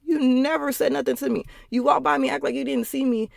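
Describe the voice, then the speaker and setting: Recording at home with studio-quality sound and no room sound, a young podcast host tells personal stories in a loose, foul-mouthed monologue, laughing as she goes. She speaks a little fast in a high, gravelly voice with a steady tone.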